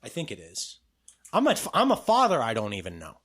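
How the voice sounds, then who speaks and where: A man's voice: medium pitch, huge pitch swings, brisk, fairly bright tone. A man co-hosting a casual podcast chat about a movie, rambling with restarts and mimicking other people in quotes. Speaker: podcast co-host.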